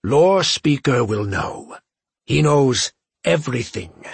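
A male narrator voicing a calm, precise insect-like alien in an audiobook, speaking in a measured, slightly husky voice. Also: medium pitch, no room sound, full character voice. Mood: earnest.

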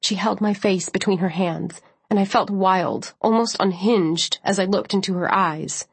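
A woman narrator reads a first-person story with measured, steady pacing. Her voice sits in a mid range and is recorded dry and close, with no room sound. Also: mid-range voice, vocal fry, husky, dry recording. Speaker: audiobook narrator.

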